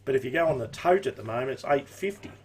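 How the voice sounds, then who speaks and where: A man's voice: medium pitch, expressive, fast talker, slightly rough. An Australian man giving horse racing tips and odds in an easygoing live-stream chat, full of casual slang. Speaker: racing tipster.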